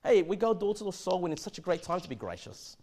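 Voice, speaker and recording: Male preacher, higher-pitched, very lively delivery, stammering restarts, sermon. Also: quick pace. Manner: animated, repeats and restarts words. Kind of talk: expository sermon.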